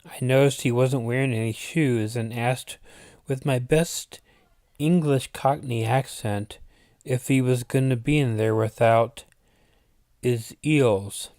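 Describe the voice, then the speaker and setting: Slow, unhurried male storyteller. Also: medium pitch, a little mellow, no echo, studio quality. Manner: unhurried, deliberate reading with asides. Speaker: channel host reading his own story. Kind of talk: storytelling narration.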